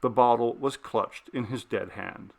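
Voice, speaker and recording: Gravelly-voiced man reading a ghost story. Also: mid-range voice. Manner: measured first-person storytelling. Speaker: narrator, audiobook reader.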